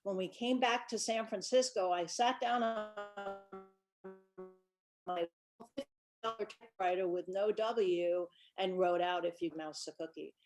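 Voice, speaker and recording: A woman in her sixties, a children's book author, chatting through stories from her life in a relaxed presentation. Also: medium pitch, measured pace, soft background music. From Brooklyn, New York. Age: 60s. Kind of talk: casual storytelling presentation.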